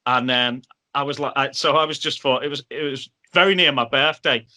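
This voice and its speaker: Speaking fairly quickly in a bright, mid-range voice, a Liverpool man guests on a podcast and shares casual stories. He tells them with energy, performing the words of the other people involved.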